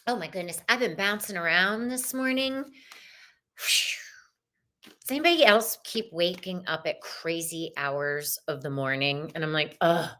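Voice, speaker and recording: A woman's voice: lowish voice, normal speed, bright, forceful tone. A woman hosting a live-stream tarot and astrology show, chatting casually and bubbly, greeting viewers by name.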